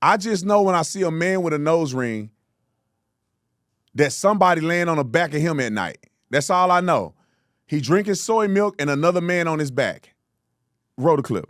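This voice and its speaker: A male commentator reacting to clips with loud, mocking energy. His voice sits high and swoops widely in pitch. The sound is dry and close. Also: animated, moderate pace, long pauses, dry recording. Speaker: host.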